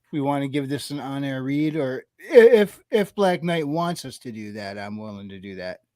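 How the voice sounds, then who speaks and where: A man in a casual online group chat, speaking in a measured, explaining way. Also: mid-range voice, expressive, darkish tone, no room sound.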